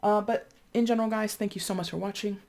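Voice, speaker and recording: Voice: mid-range voice, fairly even intonation, fast, darkish tone. A tarot reader giving a casual reading to camera, chatting freely with many fillers and restarts and acting out how other people would react. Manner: thinks aloud with frequent fillers and restarts.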